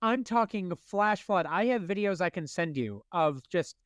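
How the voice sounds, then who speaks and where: A man around forty, co-hosting a podcast, telling animated stories in casual chat with laughs. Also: high voice, measured pace, dry recording, clean studio sound. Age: late 30s to early 40s. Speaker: podcast co-host.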